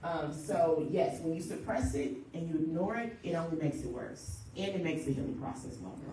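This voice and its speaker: A woman grief counselor leading a church workshop, talking in a lively way and acting out quick everyday quotes. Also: low voice, noisy background. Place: church hall. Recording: echoey room, voice from far off.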